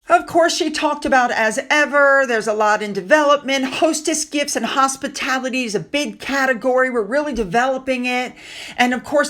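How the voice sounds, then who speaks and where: High-voiced sarcastic woman commentator. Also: normal speed, fairly bright tone. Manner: sarcastic, indignant. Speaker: commentary channel host. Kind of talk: opinionated commentary monologue.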